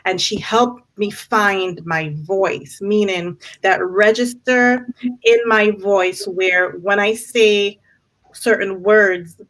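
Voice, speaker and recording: A woman speaking earnestly on a panel discussion, measured and faith-inflected, with frequent restarts. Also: mid-range voice, fairly bright tone, rough recording. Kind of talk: reflective panel talk.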